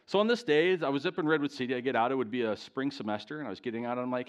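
Telling a personal story at his own expense, a middle-aged preacher speaks straight to his live church congregation, animated and frequently putting questions to them. The sermon is built around storytelling. His mid-range voice is very fast, with a clean tone.

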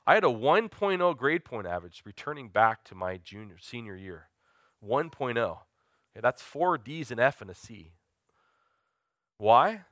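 A man's voice: mid-range voice, a bit bright, no echo, clean studio sound. A man, preaching an earnest sermon that mixes personal testimony with questions to the congregation. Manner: earnest, confessional, asks the listeners questions.

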